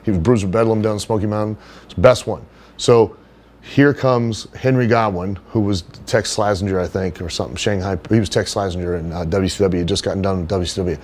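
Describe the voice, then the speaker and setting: Brief: middle-aged man, low voice, blunt and profane podcast guest. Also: fairly quick. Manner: blunt and profane, animated storytelling. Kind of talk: casual chat, storytelling.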